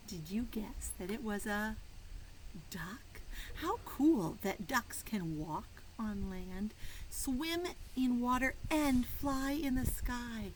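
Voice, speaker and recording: A young woman reading a picture book aloud to preschoolers, animated and sing-song, stretching words out slowly and dropping into soft whispers. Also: fairly high pitch, slight background noise, low-quality recording. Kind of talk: children's read-aloud.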